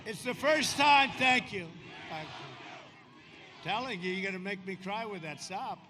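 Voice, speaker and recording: A man in his seventies giving a rambling, boastful campaign rally speech outdoors, swinging from shouting to quieter confiding asides. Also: high-pitched, expressive, a little slow. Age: 70s. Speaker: politician speaking at a campaign rally. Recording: outdoor rally PA with crowd noise. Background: crowd ambience.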